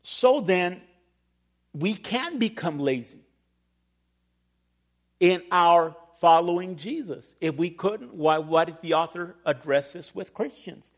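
A middle-aged man preaching a sermon as pastor, telling a personal story with humor and animated emphasis. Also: high-pitched, takes it slowly, pauses often. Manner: storytelling, animated, laughs at himself.

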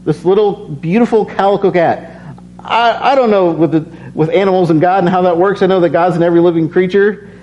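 A tired man preaches in an earnest, personal way, his voice a little high but warm and mellow. He reads scripture and then slips into casual storytelling, repeating phrases as he builds. The recording is slightly dull, with a faint hum under it. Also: a little fast. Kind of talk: casual sermon with scripture reading.

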